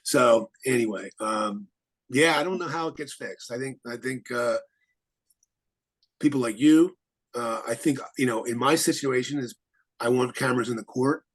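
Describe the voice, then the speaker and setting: A man, an attorney, speaking as a guest in a casual interview, halting with many restarts and fillers. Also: medium pitch, husky, low-quality recording.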